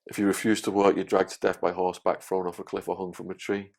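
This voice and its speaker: A man telling his story as a podcast guest, animated and swearing freely. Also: deep voice, quick pace, vocal fry.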